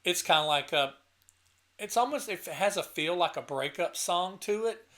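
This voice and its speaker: A man with a bright, fairly high voice talks in a casual, rambling way, earnest and full of enthusiasm. He sounds emotional at times, close to being choked up, and he often breaks off and restarts his sentences. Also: animated, normal speed. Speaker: channel host reviewing an album. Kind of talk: casual talk to camera.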